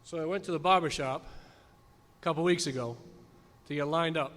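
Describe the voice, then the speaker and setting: A man in his fifties, a high school principal, telling a folksy story in a graduation speech from a podium. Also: fairly quick, fairly bright tone. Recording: long hall reverb at a ceremony.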